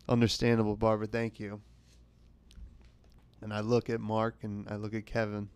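Pausing often, a young podcast host delivers a self-deprecating, rambling comic story in a completely flat manner, imitating what others said. His lowish, darkish voice is smooth and moves at a moderate pace, with no room sound in the recording.

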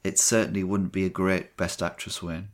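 A man co-hosting a film podcast, speaking in measured, hedging casual chat. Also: low-pitched, level tone. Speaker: podcast co-host.

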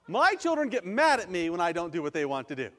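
A male pastor giving a lively sermon, acting out quotes and then leading a prayer. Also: sits high, quick pace, big-room sound. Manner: animated, acts out quotes and leads prayer.

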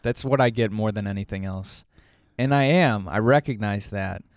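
A laid-back man talking casually on a podcast, letting his sentences fade out softly. His voice is low, and the recording is dry and close. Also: normal speed, no room sound.

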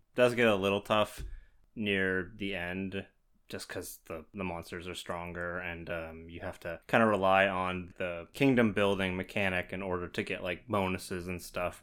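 A man co-hosting a podcast in relaxed casual talk, his voice sitting on the low side. He explains at an easy, unhurried clip with fillers. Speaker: podcast co-host. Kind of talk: casual chat.

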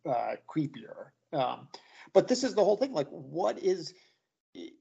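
Husky-voiced co-host on a muffled line. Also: mid-range voice, very animated, a little slow, mellow. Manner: hesitant, many fillers and restarts. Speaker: podcast co-host. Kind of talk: casual chat reviewing a comic. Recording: slightly muffled lo-fi recording.

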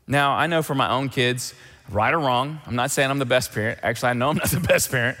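A man preaching a sermon as pastor, animated and emphatic, repeating key phrases. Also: mid-range voice, fast, in a large hall.

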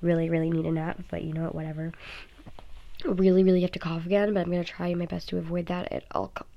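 A teenage girl rambles into her phone at home in a loose, chatty vlog, sounding tired. Her voice sits a little low with lots of gravelly vocal fry, and she strings thoughts together with plenty of "like" and "um". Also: flat delivery, fast, dull audio. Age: teens. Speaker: vlogger. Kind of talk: casual rambling vlog chat. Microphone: phone app recording.

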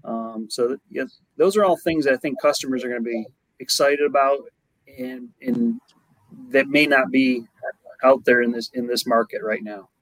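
A man's voice: mid-range voice, lively intonation, moderate pace, a bit bright, dry recording, low-quality recording. Plain-talking man, hesitant. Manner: plain, hesitant with many ums. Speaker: company manager. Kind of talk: interview answers.

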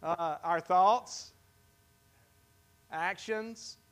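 High-voiced pastor quizzing his congregation. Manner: conversational, asks the congregation questions; halting, with many restarts. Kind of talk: interactive sermon. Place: church.

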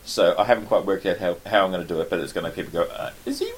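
An Australian man with a fairly low voice hosts a relaxed chat. He rambles, trips over his words and corrects himself, chuckling along the way. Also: racing, slight background noise. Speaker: podcast host. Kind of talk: casual chat.

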